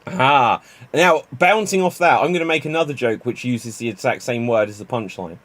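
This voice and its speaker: A man's voice: mid-range voice, fairly bright tone. Man hosting an improv stream. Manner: chatty, laughs at jokes, quick to move on. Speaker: improv show host. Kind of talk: improv comedy stream, calling on players.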